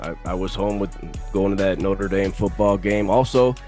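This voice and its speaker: A man's voice: sits low, moderate pace, dark tone, soft background music. A man co-hosting a casual sports podcast, giving confident, emphatic picks and repeating himself for emphasis. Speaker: podcast co-host.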